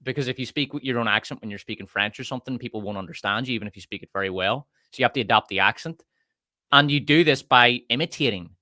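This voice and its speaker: A man with a bright, forceful voice rants through a casual livestream panel chat, swearing freely and leaping up in pitch when he gets worked up. His voice is close and dry, with no room around it. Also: fast talker, no room sound. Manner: profane, emphatic ranting with big pitch swings.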